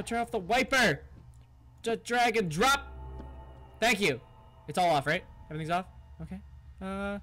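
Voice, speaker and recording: A man commentating a horror game, muttering to himself, reading text aloud and yelling in alarm. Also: sits high, normal speed, pauses often, music in the background. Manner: jumpy and excitable, swearing, yelling at the game. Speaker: gaming YouTuber.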